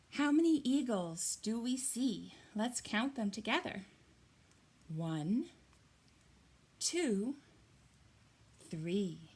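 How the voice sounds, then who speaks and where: A woman reading a picture book aloud and leading young children through yoga poses, gentle and encouraging. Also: on the high side, sing-song, extremely slow, long pauses, roomy sound, distant mic. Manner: gentle, encouraging, sing-song teacher's voice.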